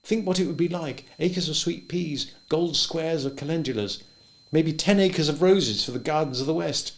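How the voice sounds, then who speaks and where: A man's voice: on the high side, moderate pace, vocal fry, pitched above the performer's own voice. A man voicing an eager, earnest grown male landowner who pleads with a raised, hopeful voice. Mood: pleading.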